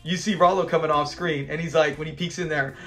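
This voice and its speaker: A man with a slightly higher-pitched voice hosts a fan channel and talks through an old sitcom episode in a loose, chatty way. He retells the scenes with plenty of energy, acting out bits of dialogue and laughing along, while soft music plays faintly in the background. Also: fairly even intonation, fast talker. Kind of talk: casual episode recap commentary.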